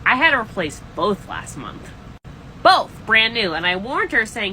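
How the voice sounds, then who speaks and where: Animated, bright-voiced woman vlogging. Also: mid-range voice, moderate pace, slight background noise, poor audio. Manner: animated, exasperated, gossipy. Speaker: landlord vlogger. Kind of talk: casual storytime vlog.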